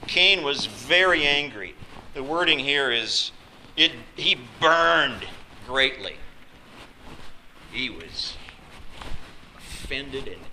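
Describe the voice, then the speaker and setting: Man, pastor, sermon, slow delivery, loud then hushed, noisy church recording. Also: medium pitch, lively intonation. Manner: dramatic, swings from loud to hushed.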